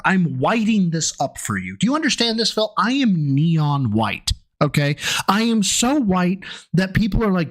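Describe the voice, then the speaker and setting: A man with a fairly high voice that swings up and down a lot as he rants. His commentary is sarcastic and full of profanity, and he sounds exasperated. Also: very animated, moderate pace, fairly bright tone. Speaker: co-host mocking a recap video.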